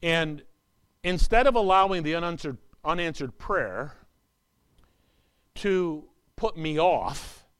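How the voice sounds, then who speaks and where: A man preaching a sermon in an earnest, repetitive way, swinging between loud urgent lines and hushed asides. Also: fairly high pitch, lively intonation, takes it slowly, pauses often, clear, resonant tone. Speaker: pastor.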